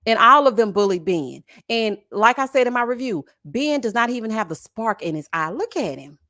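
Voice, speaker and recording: Sassy, lively woman reality-show commentator. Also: on the high side, normal speed. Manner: sassy, dramatic, laughing, calls viewers honey and child. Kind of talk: casual reaction commentary reading viewer comments.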